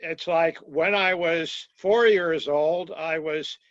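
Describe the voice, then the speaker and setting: An older man calling in to a coaching call, speaking in a measured, reflective way. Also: fairly high pitch, lo-fi sound.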